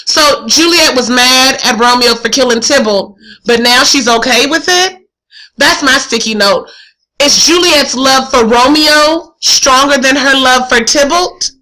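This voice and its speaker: A woman teacher walks through a play in a casual, questioning way, thinking aloud. Her voice is high and bright, and her tone is conversational rather than lecturing. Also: a little slow, low-quality recording. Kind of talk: thinking-aloud literature lesson.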